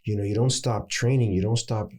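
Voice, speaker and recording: An American man in his thirties, an actor and acting coach, chatting casually in an interview and telling animated stories. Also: a little fast. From United States. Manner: animated storyteller, swings pitch to make points.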